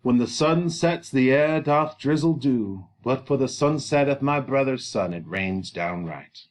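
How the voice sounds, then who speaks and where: A proud, quick-tempered nobleman fires rhetorical questions at his household, as a man reading a play does his voice. The delivery swings widely up and down. It stays close to a reading voice rather than a full character performance. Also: medium pitch, animated, natural voice. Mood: tender.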